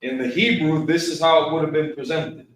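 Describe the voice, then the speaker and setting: A man's voice: fairly high pitch, steady tone, brisk. A man teaching an online Bible class, casual and easygoing, using slang as he walks learners through Hebrew words. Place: Milwaukee, Wisconsin. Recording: echoey room, voice from far off the mic.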